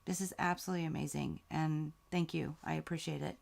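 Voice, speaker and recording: A woman's voice: low-pitched, fairly even intonation, fairly quick, gravelly, a little mellow, slight background noise. A woman hosting a live quilting Q&A stream, talking heartfelt and grateful while reading out viewer comments, close to tears. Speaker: quilting channel host.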